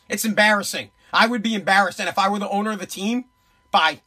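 Husky, high-voiced sports ranter. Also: male voice, fast, sharp tone. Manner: profane, emphatic, repetitive ranting. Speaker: sports radio host. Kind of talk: heated sports commentary rant.

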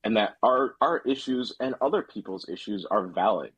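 A man chatting as a podcast guest, relaxed and rambling with lots of filler words. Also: lowish voice, moderate pace, slightly rough, no room sound. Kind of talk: casual podcast chat.

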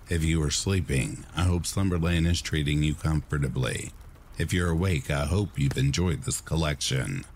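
A man reading horror stories aloud as a channel host, in a measured, hushed bedtime delivery. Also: a bass voice, slight background noise. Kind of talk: scripted horror narration for sleep.

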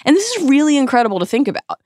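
A woman co-hosting a podcast, recapping a book chapter with expressive reading, dramatic emphasis and pauses. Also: high voice, no room sound, clean studio sound. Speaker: podcast co-host.

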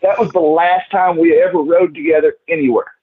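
A man's voice: a little high, fairly even intonation, brisk, slightly rough. A man telling rowdy stories as a podcast guest, swearing freely and acting out quotes, over a tinny call line. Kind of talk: casual storytelling.

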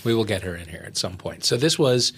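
A man's voice: fairly low pitch, expressive, quick pace, gravelly, fairly bright tone, breathy edge. A man hosting a casual interview, dropping dry, wry remarks. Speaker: podcast host.

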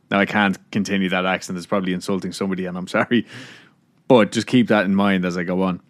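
A man's voice: low-pitched, little pitch movement, fast talker. A man hosting a podcast, casually narrating a story with laughs and swearing. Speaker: podcast host.

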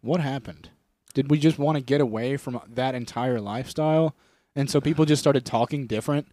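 A man's voice: medium pitch, a little fast, mellow, no room sound, studio quality. A young man co-hosting a comedy podcast in casual chat, rambling and acting out silly bits in voices. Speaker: podcast co-host. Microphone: close studio mic.

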